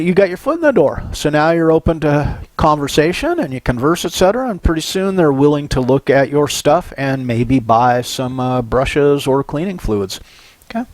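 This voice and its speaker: An older man from Southern California giving a psychology lecture, telling animated personal stories and often checking in with "right?". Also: a little high, no echo. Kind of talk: recorded university lecture.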